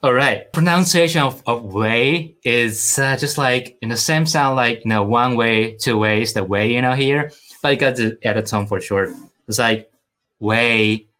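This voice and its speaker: A man's voice: mid-range voice, a bit bright. A man teaching Mandarin pronunciation, patiently drilling each sound over and over. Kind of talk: slow pronunciation lesson.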